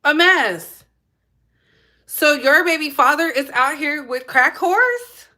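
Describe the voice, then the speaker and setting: A woman's voice: high-pitched, expressive, slow, sharp tone. A woman giving blunt, sassy reaction commentary on a vlog, repeating her points for emphasis. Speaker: commentary vlogger.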